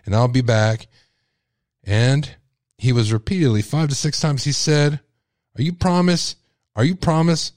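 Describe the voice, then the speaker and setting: Man doing an angry grieving widow, accusing rant, sharp pitch swings, middle pitch, dry close sound. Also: no echo, natural voice. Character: furious grieving widow woman accusing her in-laws. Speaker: podcast host.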